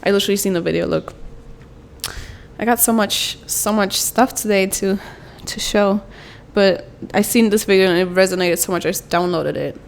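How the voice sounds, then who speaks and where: A young woman and mother talking in a soft, rambling, confessional way in a self-help vlog, with many fillers. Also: mid-range voice, moderate pace, gravelly, a little hiss or hum. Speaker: vlogger, mother.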